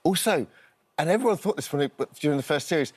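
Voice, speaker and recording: Fast, lively male talk-show host. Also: a little high, slightly rough. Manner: rambling, chatty questions. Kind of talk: casual chat interview. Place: television studio.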